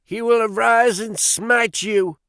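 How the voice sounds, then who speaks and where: A vain young Mormon suitor, smug and sure of himself, as a male narrator voices him. His slow, animated lines rise high when he calls down pious threats. The recording is dry. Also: no echo. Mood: threatening.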